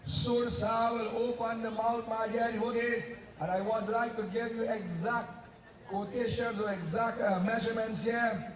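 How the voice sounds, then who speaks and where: A man's voice: very high voice, fairly even intonation, normal speed, crowd noise. A man narrating a devotional story at a Ramleela, speaking emphatically and asking the audience questions. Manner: emphatic, rhetorical, addresses the audience. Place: outdoor Ramleela stage over loudspeakers. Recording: echoey, from far off, music behind.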